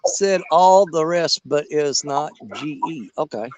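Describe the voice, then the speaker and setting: A man with a drawl chats casually with his livestream viewers, calling them brother. His voice sits high for a man, and the recording is dry and close. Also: takes it slowly, darkish tone, dry recording. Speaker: livestream host. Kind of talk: casual livestream chat reading viewer comments.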